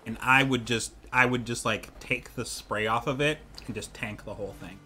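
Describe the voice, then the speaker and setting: A man's voice: mid-range voice, normal speed, crowd noise. A man chatting casually and joking at his own expense while playing on a charity gaming stream, game music behind him. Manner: goofy, self-deprecating.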